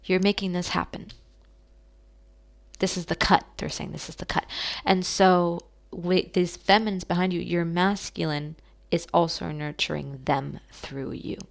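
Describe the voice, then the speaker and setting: Woman psychic reader, lowish gravelly voice, soft and emotional, halting delivery. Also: steady tone. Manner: soft, emotional, addresses listeners as beautiful souls; halting, many fillers and restarts. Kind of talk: channeled tarot reading.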